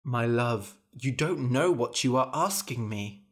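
A man voicing a soft-hearted king who gently pleads with his daughter. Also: medium pitch, lively intonation, measured pace. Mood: pleading.

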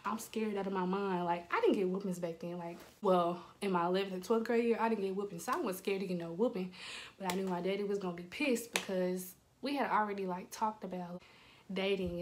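Young woman telling an animated story. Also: mid-range voice, a little hiss or hum. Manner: animated, acts out quotes. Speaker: vlogger. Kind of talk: storytime vlog.

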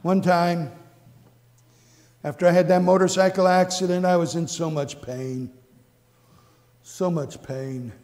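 A high-pitched man preaches in a church sanctuary, his voice trailing off into a long reverb. He tells his own story earnestly, repeating phrases, and moves from quiet, hushed lines to bursts of exclamation. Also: steady tone, a little slow, long pauses. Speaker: pastor. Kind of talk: sermon with personal testimony.

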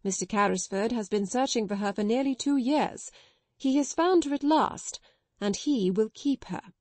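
A woman reading an audiobook, voicing a male solicitor who speaks in a quiet, level, steady manner. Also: fairly high pitch, normal speed, no echo. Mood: cool.

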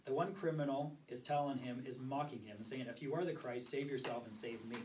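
Hoarse man preaching from afar. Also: medium pitch, darkish tone. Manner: asks the group questions, reads scripture aloud. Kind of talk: sermon with scripture reading. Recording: distant mic with faint background noise.

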